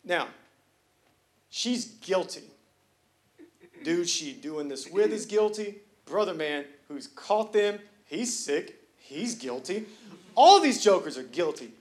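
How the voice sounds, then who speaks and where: A high-pitched male pastor delivering a sermon in a church. He talks in a loose, joking, conversational way, then rises into loud, emphatic preaching. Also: expressive, slow pace. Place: church sanctuary.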